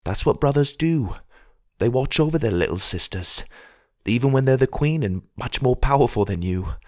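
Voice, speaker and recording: A man voicing a young male fairy who leads his people and protects his little sister, speaking earnestly in his own lively low voice. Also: moderate pace, lightly acted. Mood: tender.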